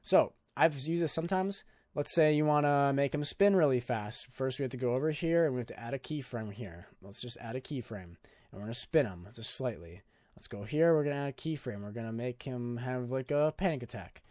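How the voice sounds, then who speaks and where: A man's voice: mid-range voice, brisk, darkish tone, no room sound, clean studio sound. A young man hosting a casual screen-recorded video editing tutorial, talking in a loose, jokey, filler-heavy way. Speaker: YouTube tutorial host.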